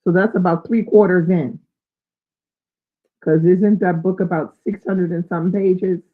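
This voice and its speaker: A woman's voice: lowish voice, fairly even intonation, normal speed. A woman hosting a live book chat, reading out viewer comments and thinking aloud with fillers. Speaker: book channel host. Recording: tinny, phone-like sound.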